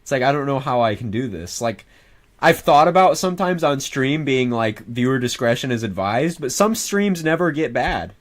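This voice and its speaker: A man's voice: mid-range voice, lively intonation, normal speed. A young man streaming, chatting casually in a rambling, profane way and laughing often.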